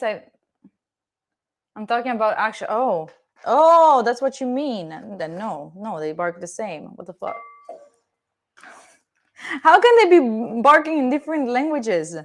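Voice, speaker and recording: This livestreamer, a young Italian woman, chats playfully with viewers as she cooks in her home kitchen, door open, swearing from time to time. Her slightly high voice is animated and measured, broken by long pauses.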